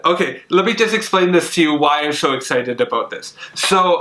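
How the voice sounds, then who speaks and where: A young man chatting casually while unboxing comics, excitable and full of fillers and gushing. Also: on the high side, slight background noise. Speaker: comic collector vlogger. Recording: echoey room.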